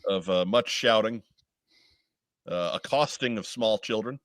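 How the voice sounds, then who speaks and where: A man hosting a casual podcast with dry, wry jokes. He sounds congested and hoarse from a chest cold. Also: on the low side, unhurried, no room sound. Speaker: podcast host.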